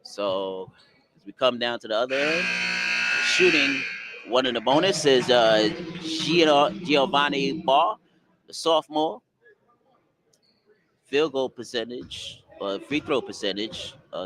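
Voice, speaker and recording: A man calling basketball play-by-play, brisk and excitable as he follows the action. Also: medium pitch, noisy background. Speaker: play-by-play announcer.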